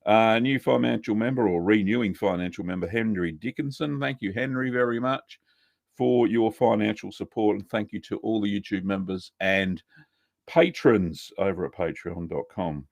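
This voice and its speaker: Gravelly Australian man hosting a stream. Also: lowish voice, normal speed, no echo, studio quality. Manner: chatty, greets viewers by name, many fillers. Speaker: live-stream host. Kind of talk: casual live-stream chat.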